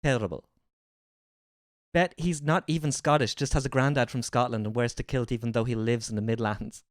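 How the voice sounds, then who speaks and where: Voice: medium pitch, steady tone, fairly quick, no echo, studio quality. A streamer reacting to a video with casual, joking and profane mocking asides.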